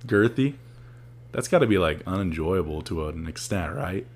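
A man's voice: deep voice, expressive, normal speed, slight background noise. A young man co-hosting a casual, crude podcast chat, laughing often and mocking people with exaggerated quotes. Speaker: podcast co-host.

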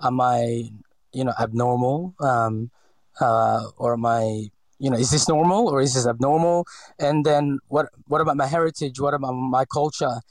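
A man's voice: mid-range voice, steady tone, moderate pace, no room sound, rough recording. A man in his forties from the Philippines with a slight Filipino accent, telling his story in a hesitant interview full of fillers and restarts. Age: 40s. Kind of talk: reflective personal interview.

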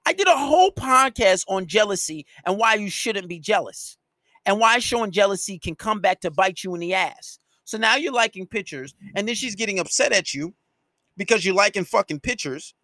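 A man's voice: high-pitched, lively intonation, moderate pace, sharp tone, dry recording, clean studio sound. A man hosting a solo podcast, ranting at his listeners in a scolding, profanity-heavy way. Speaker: podcast host and dating coach.

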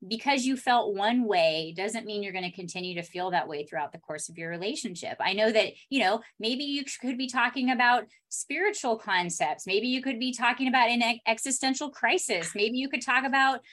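A woman talking as a relationship expert on a podcast, calm and explanatory, acting out bits of example dialogue. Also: on the high side, brisk, hardly any pauses. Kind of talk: podcast conversation.

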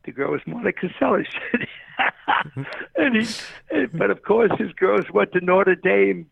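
A man's voice: high-pitched, normal speed, no room sound. An older man, a tennis coach, telling rambling stories in a phone interview, often saying the host's name. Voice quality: gravelly, husky. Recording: tinny phone line.

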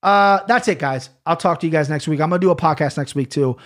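Guy hosting a podcast, rambly and swearing a lot, voice a bit on the high side. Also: quick pace, a bit bright. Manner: rambling, profane storytelling. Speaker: podcast host. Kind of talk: casual chat.

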